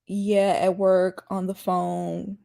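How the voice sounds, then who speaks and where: A woman's voice: mid-range voice, flat delivery, takes it slowly, creaky, warm tone. Chatty woman with a slight Southern twang. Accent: slight Southern US country accent. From Mississippi, US. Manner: chatty, rambling, reads viewer comments aloud and answers them. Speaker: YouTube host reacting to a dating show. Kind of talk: casual live-stream commentary.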